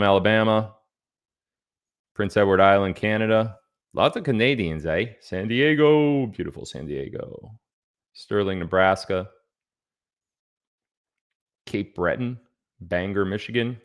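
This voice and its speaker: A man hosting a live stream in loose, rambling chat, cracking jokes between asides. His voice is deep and low. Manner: rambling and joking, reading out viewer locations. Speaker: livestream host. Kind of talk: casual livestream chat.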